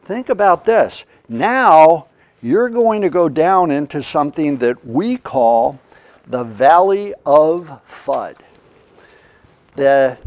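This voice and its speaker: A man giving a motivational training talk on leadership, animated and leading the listener in call-and-response. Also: fairly high pitch. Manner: animated, acts out quoted reactions, leads call-and-response.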